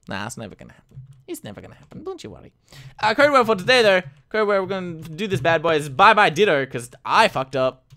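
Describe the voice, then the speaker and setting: An excitable man talks over his gameplay in a fairly high, very lively voice, dropping to low mumbles and then jumping into loud outbursts. Keys click now and then behind him at the desk. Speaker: gaming YouTuber. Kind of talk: casual Let's Play commentary.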